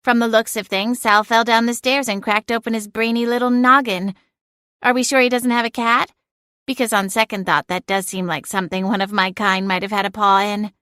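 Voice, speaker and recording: A woman's voice: a little high, fairly even intonation, fairly quick, pushed and bright, no echo. A woman voicing a sardonic female talking cat familiar with a dry, teasing, unbothered manner. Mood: wry.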